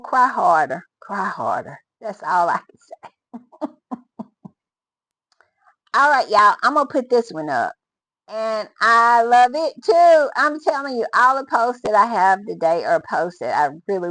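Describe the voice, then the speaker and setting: A woman's voice: fairly high pitch, fairly bright tone, no echo, rough recording. A woman hosting casual commentary, emphatic and repeating phrases, laughing often. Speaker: commentary channel host.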